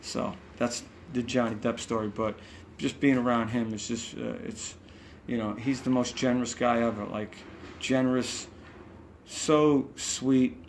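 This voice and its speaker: Speaking a little slowly in a mid-range voice with fairly even intonation, this New York–accented man is a musician guest sharing rambling backstage tales in a relaxed hotel-room interview. He swears occasionally and acts out what people said, and there's slight background noise.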